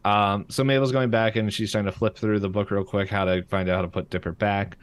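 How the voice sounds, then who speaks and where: A man's voice: fairly low pitch, flat delivery, fairly quick, clear, resonant tone. A man co-hosting a podcast, casually recapping a cartoon episode with lots of fillers and laughter. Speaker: podcast co-host. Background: passing freight train.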